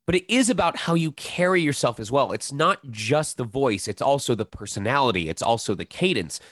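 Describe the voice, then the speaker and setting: A man in his thirties chatting casually in an interview about his voice-acting craft. He talks in an animated way and often drops into little demonstration voices. His pitch sits in the middle, and the recording is dry with no room echo. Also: fairly quick. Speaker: voice actor guest.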